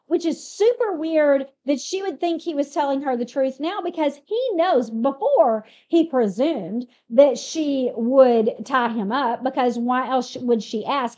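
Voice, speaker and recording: A woman casually retelling a Bible story in a chatty, animated way, asking rhetorical questions. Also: high-pitched, measured pace, hardly any pauses, dull audio. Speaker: Bible teacher.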